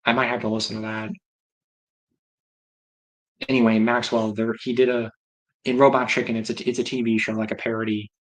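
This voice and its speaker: A man's voice: medium pitch, flat delivery, brisk, pauses often, low-quality recording. A man hosting a livestream, chatting casually and rambling as he reacts aloud to viewer comments. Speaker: livestream host.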